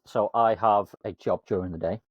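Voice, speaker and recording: A man's voice: on the low side, normal speed, dry recording, dull audio. A man co-hosting a casual coaching podcast, self-mocking and laughing often. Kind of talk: casual chat.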